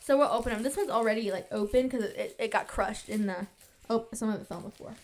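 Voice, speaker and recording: A young woman hosting her own podcast, chatting casually and quickly, full of "like" and little asides. Her voice sits a bit higher than most, and she sounds a touch sniffly. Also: a little mellow, a little hiss or hum. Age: young adult. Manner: fast-talking, bubbly, says "like" a lot. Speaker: podcast host. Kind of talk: casual chat.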